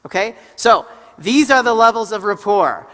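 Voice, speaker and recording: A man with a high, bright voice explains seminar material to a live audience, pausing to check that they are following. The hall adds a long echo, and faint music sits underneath. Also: expressive. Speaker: seminar co-presenter. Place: large conference hall.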